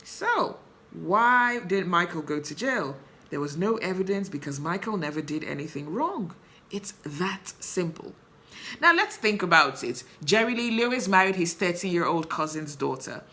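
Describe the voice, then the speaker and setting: Impassioned woman host, lowish voice with a bright edge, emphatic rhetorical delivery. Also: sing-song, moderate pace. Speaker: show host. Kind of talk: opinion commentary to camera.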